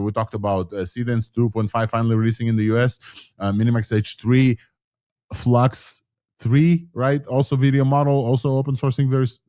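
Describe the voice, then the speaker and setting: A man's voice: fairly low pitch, mellow, no room sound, clean studio sound. A man hosting a casual live tech talk show, rambling with many fillers and restarts. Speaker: host.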